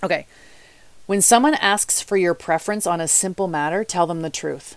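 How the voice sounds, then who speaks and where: A woman's voice: fairly low pitch, normal speed, dry recording. A woman life coach giving motivational podcast talk, chatty and candid, speaking straight to her listeners.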